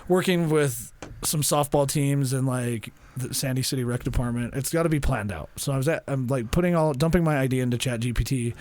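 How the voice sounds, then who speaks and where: Young guy on a podcast, storytelling, does the voices for people he quotes, mid pitch. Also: a little fast, few pauses, darkish tone. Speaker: podcast co-host. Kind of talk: casual podcast chat.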